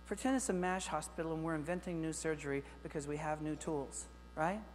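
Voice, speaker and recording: This keynote speaker, addressing teachers at a conference, is energetic and joking, talking straight to the audience in a lively style. His voice is on the high side, heard in a reverberant hall with long reverb and faint mains hum.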